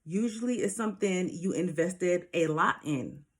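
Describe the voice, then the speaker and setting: Earnest woman giving spiritual advice, lowish voice. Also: measured pace. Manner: earnest, preachy, addresses viewers directly with rhetorical questions. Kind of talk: casual spiritual advice monologue.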